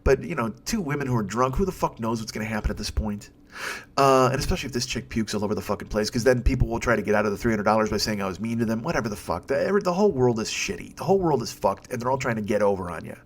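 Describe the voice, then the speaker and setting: A comedian in his forties hosts a podcast, telling a rambling, profane story in a monologue full of constant swearing and exasperation. His voice is fairly low, animated, and racing.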